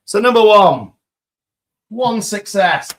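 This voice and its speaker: A man with a British accent chatting enthusiastically on a live stream while demolding resin pieces, a little croaky after hours of talking. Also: high voice, lively intonation, slow pace. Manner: chatty and enthusiastic, greeting viewers.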